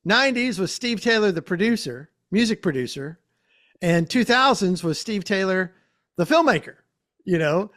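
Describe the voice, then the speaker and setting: Age and accent go unstated, but what you hear is a man with a notably high-pitched speaking voice, gushing with praise and laughing often as he hosts a podcast interview. He talks to his guest in a casual, chatty way over a video call. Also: animated, a bit bright. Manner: effusive, enthusiastic, quick to laugh. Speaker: podcast host.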